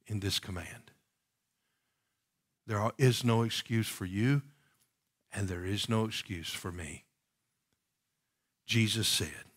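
Slow and fairly low-pitched, with frequent pauses, a pastor preaches fervently. He swings between emphatic, loud calls and quiet pleading, asking the congregation rhetorical questions.

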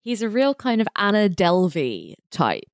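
A woman's voice: medium pitch, huge pitch swings, measured pace, dry recording, studio quality. A woman co-hosting a casual chat about a sitcom, chatty and often restarting her sentences. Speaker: podcast co-host.

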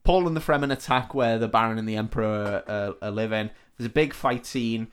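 A man's voice: on the low side, brisk, clean tone. A man co-hosting a comedy podcast, casually retelling a film plot with swearing and short acted-out quotes. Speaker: podcast co-host.

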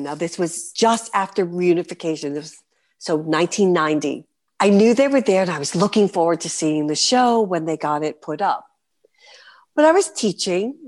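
A woman in her fifties from New York with a New York accent, a guest performer telling vivid stories in a podcast interview. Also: mid-range voice. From New York City. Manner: animated, vivid storyteller.

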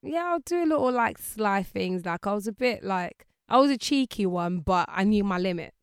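A woman's voice: mid-range voice, moderate pace, smooth, dry recording, studio quality. A woman, a guest chatting casually in an interview and acting out the people she quotes. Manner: lively, acts out voices of people she quotes.

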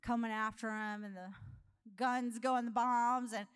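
A woman preaching a humorous sermon in a conversational style, telling animated stories and laughing often. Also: on the high side, moderate pace, clean tone. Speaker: guest preacher.

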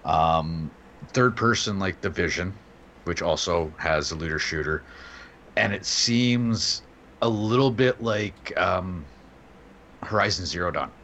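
Low, bright-voiced male co-host, rambling explainer, faint hiss behind. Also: slow pace. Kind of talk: casual gaming chat.

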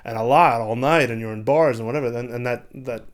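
A man's voice: medium pitch, quick pace. A man who is a comedian and opera singer, talking as a podcast guest in a comedy club in a playful, crude way and explaining at length. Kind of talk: casual podcast chat.

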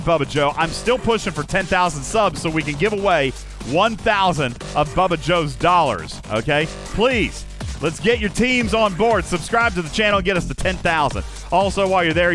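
A podcast host in casual banter, a man whose somewhat high voice swings widely up and down as he jokes. He rambles and reels off long strings of names. Music runs clearly underneath him. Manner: jokey, rambling, rattles off long lists of names.

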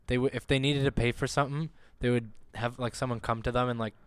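A young man co-hosting a podcast, jumping in with quick, swearing remarks. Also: medium pitch, fairly even intonation, clear, resonant tone, no room sound. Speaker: podcast co-host. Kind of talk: casual chat.

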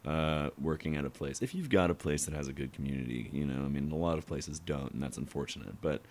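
A man with a very low voice talks casually over beers, spinning restaurant anecdotes. He acts out the people in his stories with lively impressions. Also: fast talker, a little hiss or hum. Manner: animated storyteller, acts out customers. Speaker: podcast guest.

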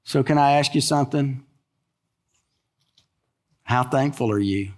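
An older man preaching a sermon in a folksy, animated way, full of stories and rhetorical questions. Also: mid-range voice, measured pace. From American South. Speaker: pastor.

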